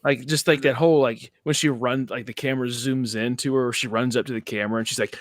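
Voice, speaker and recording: A man with a mid-pitched voice chats casually, tossing in quick questions and reactions. The sound is dry and close, with little room around it. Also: steady tone, dry recording. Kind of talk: casual chat.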